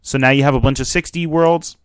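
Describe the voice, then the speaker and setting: A man's voice: medium pitch, a little fast, clean tone, no room sound. A young man giving casual, joking live commentary as a streamer reacting to a video. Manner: animated and joking.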